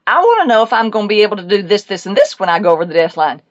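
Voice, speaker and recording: A woman's voice: mid-range voice, big pitch swings, racing, dry recording, natural voice. A woman voicing a vain, demanding male dog spirit who haggles and fusses over every detail, on a slightly muffled recording. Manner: cocky, fussy, haggling.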